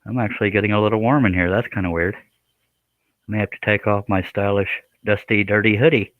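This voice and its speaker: A man's voice: lowish voice, steady tone, brisk, no room sound, phone-quality sound. A man hosting a live stream, chatting casually in a joking, rambling, self-deprecating way. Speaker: live stream host, scroll saw artist.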